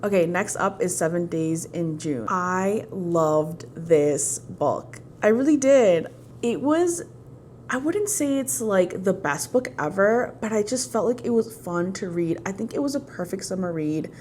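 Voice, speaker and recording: A woman's voice: lowish voice, lively intonation, a little slow, darkish tone, slight background noise. A young woman talking casually and playfully to her viewers as a book vlogger, with bursts of enthusiasm. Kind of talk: casual chat.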